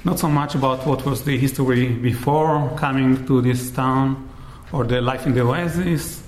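Male lecturer, measured academic delivery, average pitch, roomy reverb. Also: darkish tone, slight background noise. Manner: measured, frequent "right?" checks. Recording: roomy echo.

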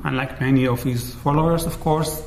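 Male lecturer, measured academic delivery, average pitch, roomy reverb. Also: fairly even intonation, darkish tone, slight background noise. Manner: measured, frequent "right?" checks. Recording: roomy echo.

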